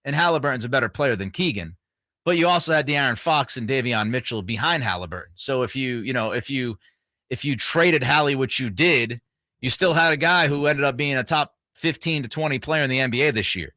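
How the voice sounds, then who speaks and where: A man's voice: mid-range voice, brisk, sharp tone, no echo, studio quality. A man co-hosting a sports radio show, talking casually in a rambling way with plenty of fillers. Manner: rambling, filler-heavy, restarts.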